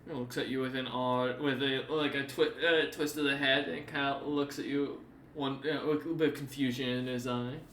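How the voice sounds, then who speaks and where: Male game master, bright and rambling in his descriptions, recorded in a reverberant room. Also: mid-range voice, fairly even intonation, moderate pace, a little hiss or hum. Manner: loose, filler-heavy scene description. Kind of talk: narrating a tabletop game.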